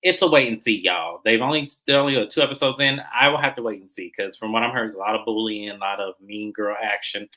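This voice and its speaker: A man's voice: fairly low pitch, fast talker, hardly any pauses, sharp tone, rough recording. A man hosting a reality show recap, talking casually in slang and mimicking the cast as he retells scenes.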